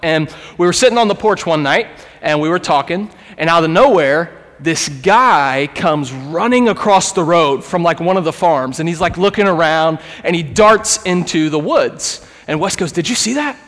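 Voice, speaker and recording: Male pastor, thirties, earnest sermon, casual storytelling, slightly raised pitch, long hall reverb. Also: animated, normal speed, a bit bright. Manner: earnest, conversational, acts out quoted voices. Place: church sanctuary.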